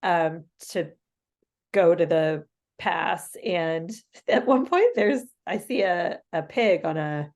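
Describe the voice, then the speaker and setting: A woman's voice: lowish voice, slow pace. A woman co-hosting a podcast, telling a travel story casually with frequent laughs and fillers. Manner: animated, laughs mid-story, many fillers. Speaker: podcast co-host.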